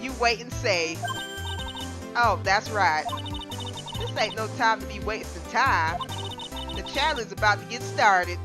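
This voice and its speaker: A woman voicing a brash female paranormal photographer with a put-on American Southern drawl, loud and folksy, with game music behind her. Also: mid-range voice, a little slow, pauses often, lightly acted. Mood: pushy.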